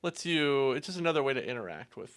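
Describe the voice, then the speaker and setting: A man's voice: medium pitch, sing-song, fast talker, a bit bright. A man co-hosting a casual podcast, talking through a game with chatty fillers. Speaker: podcast co-host.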